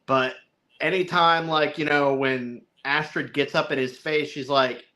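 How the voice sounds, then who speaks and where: A man's voice: on the high side, steady tone, measured pace, pushed and bright. A man co-hosting a casual film review chat, rambling, chuckling and acting out lines in little voices. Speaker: podcast co-host reviewing a film.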